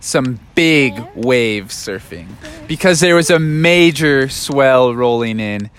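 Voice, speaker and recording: A man's voice: medium pitch, animated, slow pace, a bit bright. A man casually making up a bedtime story for children, playful and loose with surfer slang. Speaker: parent telling a story.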